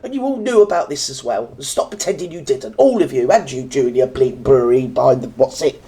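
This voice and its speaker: A woman's voice: rumbling low, lively intonation, brisk, warm tone. A British woman hosting a reaction video, ranting with sarcasm and indignation and mocking others in put-on voices. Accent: British English. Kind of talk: ranting commentary. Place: indoors, standing.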